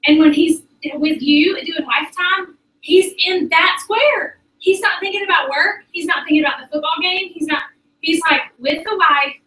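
A high, bright-voiced woman gives a motivational talk to her sales team. Her chatty, animated delivery carries through a roomy space, picked up from some distance. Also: moderate pace. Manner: chatty, animated, addresses the audience as "y'all". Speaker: sales director. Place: meeting room with an audience.

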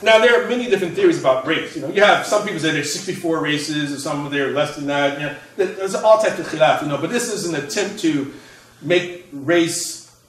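A man's voice: fairly high pitch, a little fast, a bit bright. A man, an author and scholar, lecturing in an explanatory way. He often checks in with a rhetorical "right?" and restarts his phrases. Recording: echoey room, mic at a distance.

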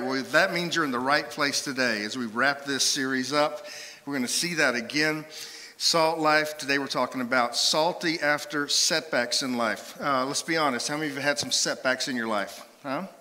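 A man preaching a sermon as pastor, playful and lively with his congregation. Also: mid-range voice, moderate pace. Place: church sanctuary. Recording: hall reverb in a church sanctuary.

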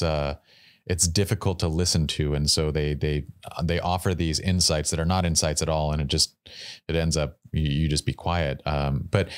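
Very deep-voiced man hosting a podcast. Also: no room sound, studio quality. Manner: reflective, halting, many restarts. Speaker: podcast host. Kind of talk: casual interview chat.

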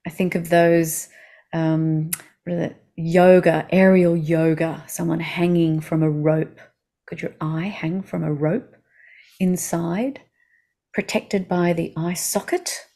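A woman with an Australian accent guiding a slow body-awareness lesson, speaking soothingly and asking the listener gentle questions. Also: fairly low pitch, fairly even intonation. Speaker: movement instructor.

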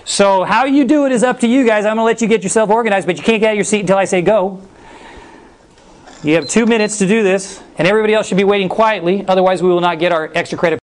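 A middle-aged male teacher giving a class brisk, playful instructions. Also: sits high. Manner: energetic, brisk, playful commands.

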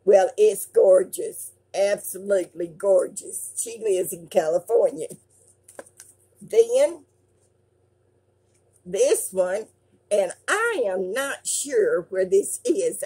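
Older woman, breathy voice, slow delivery, folksy fan-mail vlog, affectionate. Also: medium pitch, lively intonation, mellow. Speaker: craft channel host. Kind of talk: casual chat reading fan mail.

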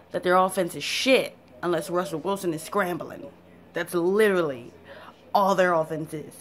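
A woman ranting about her football team in a fan vlog, blunt and profane. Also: medium pitch. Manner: fired-up, cursing, blunt. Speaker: sports fan vlogger. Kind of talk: profane football rant to camera.

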